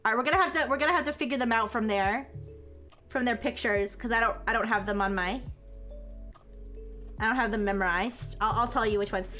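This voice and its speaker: Bright, high-voiced giggly woman streamer. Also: a little fast, long pauses, soft background music. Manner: giggly, rambling, many restarts. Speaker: livestreamer. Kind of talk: casual chat with stream chat.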